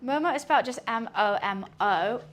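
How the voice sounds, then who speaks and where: In her home kitchen, a woman streams casual chat while cooking, rambling on to her viewers and her kitten. Her voice is a little high and her delivery brisk.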